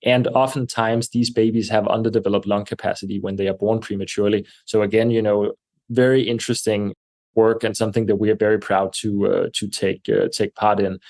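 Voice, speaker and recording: A man speaking as a podcast guest, measured and thoughtful, with frequent fillers and restarts. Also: on the low side, little pitch movement, a little mellow. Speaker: guest, air purification company representative. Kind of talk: podcast interview answers. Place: New York.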